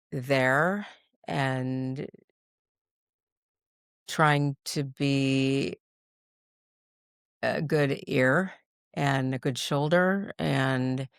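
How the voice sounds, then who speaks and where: A woman's voice: extremely low pitch, gravelly, clear, resonant tone, no room sound, studio quality. A middle-aged woman telling a family story in casual chat, rambling with restarts and frequent laughs. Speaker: guest, mother of the host. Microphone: podcast mic.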